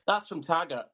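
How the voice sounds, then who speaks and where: A man's voice: fairly high pitch, pushed and bright, breathy edge. A man with an English accent in casual podcast chat, hesitant and full of restarts. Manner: hesitant, with many ums and restarts. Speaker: podcast co-host.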